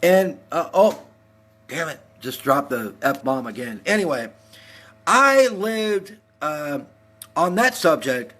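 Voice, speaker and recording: Fired-up texas guy in his 40s ranting live, cussing, kinda high voice. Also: very animated, slow pace, fairly bright tone. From El Paso, Texas. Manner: heated, profane, worked up. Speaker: livestream host.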